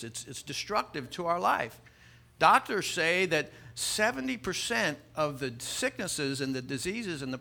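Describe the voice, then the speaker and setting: Bright-voiced male pastor preaching. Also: a little high. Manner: conversational, storytelling with jokes; repeats words when starting sentences. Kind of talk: sermon.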